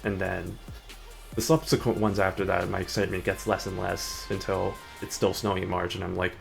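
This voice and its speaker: Gravelly low-voiced chatty male streamer. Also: level tone, a little fast. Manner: rambling, filler-heavy, chatty. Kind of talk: casual gaming chat. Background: faint background music.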